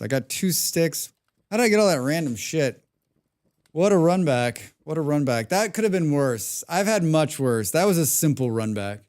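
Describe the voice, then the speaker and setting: Young man, game streamer, smooth clear voice, excitable, hums and mutters, swears. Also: medium pitch. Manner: excitable, talks to himself, hums and mutters while playing; swears often. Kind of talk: live gameplay commentary.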